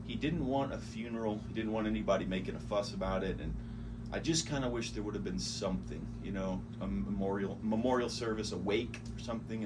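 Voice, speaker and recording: A man with a Texan accent, hosting his own podcast and telling a personal story in a casual, rambling way. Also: mid-range voice. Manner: conversational, rambling, with fillers. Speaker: podcast host. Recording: distant mic with background noise.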